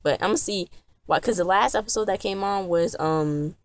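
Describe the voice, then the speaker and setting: A woman's voice: medium pitch, moderate pace. A woman giving a casual, rambling recap of a TV episode, talking in a chatty way with many restarts. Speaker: TV episode reviewer.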